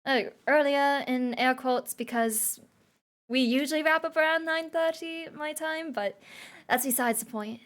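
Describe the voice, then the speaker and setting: A woman's voice: high-pitched, measured pace, fairly bright tone. A young woman streamer chatting casually with viewers and reading their messages aloud, playful and laughing often. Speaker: livestreamer.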